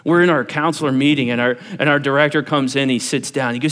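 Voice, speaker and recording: A man in his forties preaching a sermon, telling stories with acted-out quotes and dropping to a hush for emphasis. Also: mid-range voice, quick pace, few pauses, big-room sound. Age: 40s. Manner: animated storytelling, acts out quotes, drops to hushed emphasis. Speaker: pastor.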